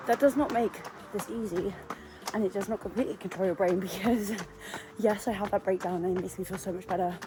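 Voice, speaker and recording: A woman's voice: medium pitch, brisk. A young woman vlogging while on a long run, chatty and out of breath, often tired and talking herself through it. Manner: chatty, self-talk while running, often breathless and weary. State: out of breath, exhausted. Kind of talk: running vlog, talking to camera. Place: outdoors, on a run. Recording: noisy outdoor ambience.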